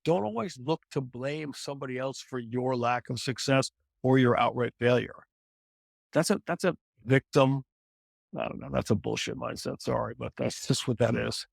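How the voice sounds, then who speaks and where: A middle-aged man with a gravelly edge in his voice tells stories on a podcast, often restarting and repeating phrases as he goes. The sound is close and dry. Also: mid-range voice, normal speed, no room sound. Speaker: celebrity fitness trainer, guest. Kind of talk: candid interview conversation.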